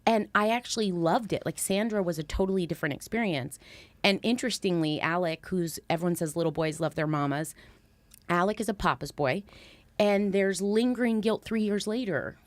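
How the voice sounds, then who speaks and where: A woman's voice: on the low side, brisk, no room sound. A woman in her thirties, a guest talking candidly and earnestly in casual conversation. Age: 30s. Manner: earnest, animated when recounting, lively laughter.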